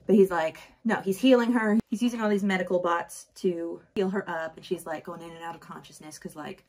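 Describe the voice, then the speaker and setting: A woman's voice: mid-range voice, husky. A woman vlogger chatting casually and animatedly as she summarizes a novel while doing her makeup, with lots of fillers. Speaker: book vlogger.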